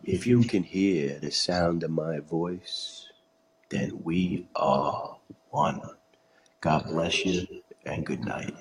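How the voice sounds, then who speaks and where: Man playing a rambling folksy guest, low gravelly voice, slow and boastful. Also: exaggerated voice. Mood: solemn. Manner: rambling, ungrammatical speech.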